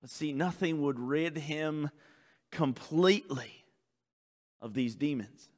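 A man preaching a sermon as pastor, swinging between loud urgent calls and hushed intense passages. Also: fairly high pitch, slow, big-room sound.

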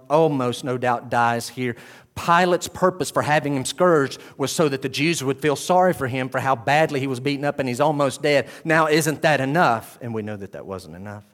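Preaching man swinging from hushed to loud. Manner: swings from quiet and low to loud, raised exclamations. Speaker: pastor. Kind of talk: sermon.

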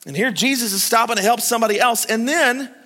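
A middle-aged male pastor preaching a sermon, swinging from loud urgent calls to hushed, intimate pleading as he tells stories and speaks straight to the congregation. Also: very high voice, fast talker. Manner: storytelling, addresses the congregation directly. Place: church sanctuary. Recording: long hall reverb.

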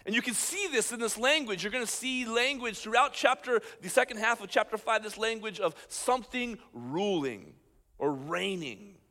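A man, a pastor, preaching a sermon with animated emphasis, swinging between loud points and quiet asides. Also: high voice. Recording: long hall reverb.

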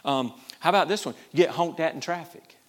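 A man preaching a sermon, repeating himself and swinging between loud bursts and quiet asides. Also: on the high side, brisk.

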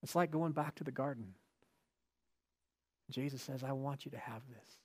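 A man's voice: mid-range voice, normal speed, a little mellow, slightly rough. A male pastor giving a sermon in a conversational way, with rhetorical questions and emphatic repetition.

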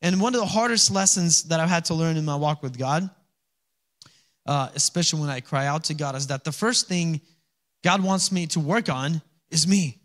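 A male pastor from Alaska with a high voice preaches a sermon conversationally at a normal speed. He acts out little voices and laughs, and at times rises into loud exhortation.

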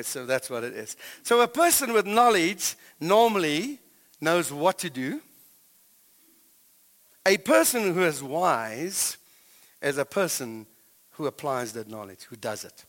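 With a South African accent, this middle-aged man preaches as a pastor, telling stories animatedly and alternating between booming and quiet moments. He speaks on the high side at a measured pace, in a big-room acoustic.

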